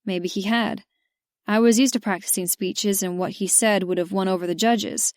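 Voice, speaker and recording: A woman narrating a romance audiobook in measured, first-person storytelling. Her voice sits at an ordinary pitch for a woman. The recording is dry and close, with no room sound. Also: steady tone, a little mellow, no room sound. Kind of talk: scripted narration.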